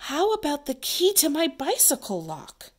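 Earnest, helpful boy in a kids' play, read by a woman teacher; higher pitch, lively. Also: normal speed. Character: helpful young boy detective, Jeff.

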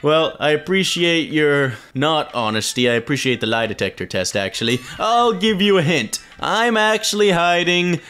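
A young man giving playful, excitable gaming commentary, teasing his friend and talking to the viewers. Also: on the high side, moderate pace, hardly any pauses, clean tone. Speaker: YouTube gamer playing as Melon.

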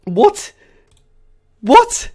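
A woman streaming a game live, chatting to viewers and breaking into excited shrieks and laughs of disbelief. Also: extremely slow.

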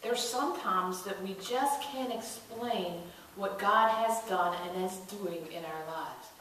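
A woman's voice: mid-range voice, takes it slowly, fairly bright tone, slight background noise. A woman pastor giving a sermon, telling stories and acting out the quoted voices as she builds to emphatic calls. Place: church sanctuary. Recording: echoey church from a distant mic.

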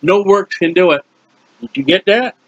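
A man preaching a verse-by-verse Bible teaching, animated and questioning his listeners. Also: sits high, normal speed, dry recording. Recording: dull lo-fi dry recording.

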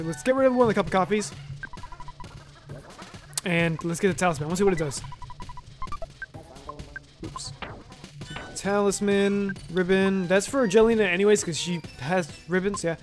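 A man with a high voice talks his way through a video game in relaxed let's-play style. He rambles to himself and drops mild swears. Soft game music plays faintly underneath. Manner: loose, chatty, with mild swearing and self-talk. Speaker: gaming video host. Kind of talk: casual let's-play commentary.

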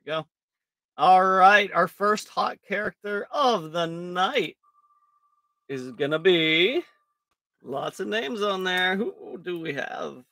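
A man's voice: high-pitched, expressive, slow pace, gravelly, pushed and bright, no room sound, clean studio sound. A man hosting a live card break stream in casual chat, jokey and self-mocking, rambling with fillers and laughing often.

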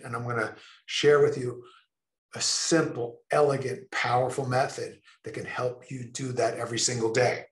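A man leads an online creativity talk, delivered in an expressive lecture style with emphatic, drawn-out pauses. His voice sits at an ordinary male pitch. The recording sounds roomy and echoey. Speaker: speaker presenting a creativity session.

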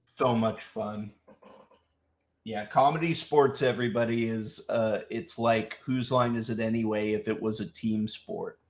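A man's voice: lowish voice, unhurried. A young adult man, a voice actor, chatting casually in a live Q&A while signing autographs. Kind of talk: casual live-stream Q&A chat. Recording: roomy echo.

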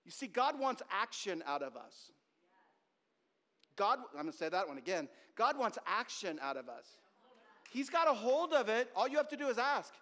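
A man preaching a sermon as pastor, talking in an animated, conversational way with asides to the congregation. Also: high voice, normal speed. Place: church sanctuary. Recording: long reverb of a church hall.

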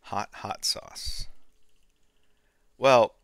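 An older man chatting casually on a live art stream, reading comments and rambling, getting loud and worked up then trailing off quietly. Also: drawn-out words, no room sound. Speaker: artist streaming while drawing.

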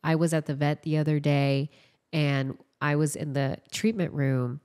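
A woman's voice: sits low, fairly even intonation, a little slow, darkish tone, smooth. A woman dog trainer, a guest on a podcast, telling stories in a chatty, rambling way. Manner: chatty storyteller, loose and rambling. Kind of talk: casual podcast conversation.

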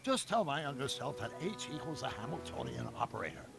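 A man's voice: mid-range voice, very animated, brisk, creaky, music in the background. An actor playing an older male scientist in a game, wry and lecturing. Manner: wry, lecturing technical explanations.

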